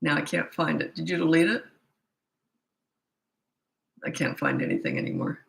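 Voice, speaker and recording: A woman's voice: low-pitched, huge pitch swings, normal speed, creaky, pauses often, a bit bright, reverberant, poor audio. A middle-aged woman, a parenting coach answering viewer questions live, blunt and incredulous, often laughing and mocking the questions.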